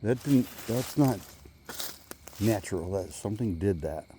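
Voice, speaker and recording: A man's voice: on the low side, animated, slight background noise. Rambling man on a woods walk. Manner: musing, halting, with sudden loud call-outs. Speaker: vlogger. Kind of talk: rambling walk-and-talk vlog. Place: outdoors in woods.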